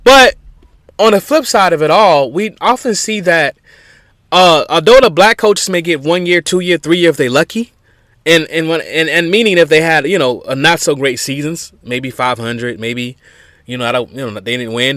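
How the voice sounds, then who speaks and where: A man's voice: a little high, moderate pace, fairly bright tone, no echo. A man hosting a podcast, giving opinionated sports commentary in an emphatic, conversational way with frequent restarts. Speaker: podcast host.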